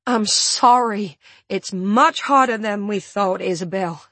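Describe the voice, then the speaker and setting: A woman's voice: mid-range voice, slow pace, a bit bright, dry recording. A woman reading an audiobook, voicing an anxious woman scientist who apologizes earnestly. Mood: apologetic.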